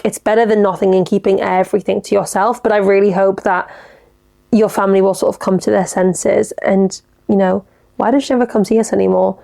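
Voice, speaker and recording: A woman's voice: mid-range voice, vocal fry, mellow. A woman hosting a podcast, giving advice in a chatty, enthusiastic and sweary manner. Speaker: podcast host. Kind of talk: casual advice chat.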